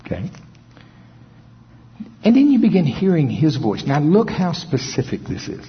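A middle-aged male pastor preaching a sermon, folksy and storytelling, with chuckles and hushed dramatic pauses. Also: fairly high pitch, huge pitch swings, husky. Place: large auditorium. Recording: dull, long-reverb hall sound.

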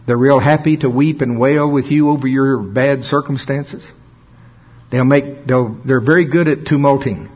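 A man preaching a folksy sermon, often laughing and slowing down for dramatic emphasis. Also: mid-range voice, fairly even intonation. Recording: dull lo-fi sound.

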